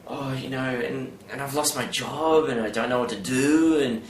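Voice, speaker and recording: A man putting on a whiny, self-pitying man complaining about losing his job, in a soft, pleading voice. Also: mid-range voice, fairly even intonation, normal speed, distant mic, slight background noise, natural voice. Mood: whining. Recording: roomy with faint background ambience.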